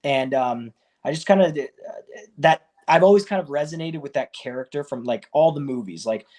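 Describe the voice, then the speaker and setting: Animated man telling wrestling stories. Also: fairly high pitch, normal speed. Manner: animated storyteller, acts out quoted exchanges. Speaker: guest, professional wrestler. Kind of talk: casual interview storytelling.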